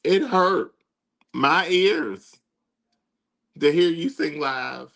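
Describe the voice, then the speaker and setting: Animated male co-host, higher voice with heavy fry, exasperated. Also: extremely slow. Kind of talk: casual comedic chat.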